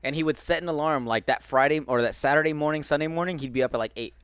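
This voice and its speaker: A man's voice: a little high, quick pace, fairly bright tone, smooth, dry recording, studio quality. A young man as a podcast guest, telling eager stories in casual chat with some swearing.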